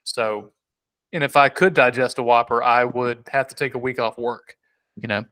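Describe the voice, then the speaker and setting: A man's voice: mid-range voice, fairly even intonation, normal speed, pushed and bright. A man co-hosting a casual podcast, rambling and joking with many restarts. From South Carolina. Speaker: podcast co-host.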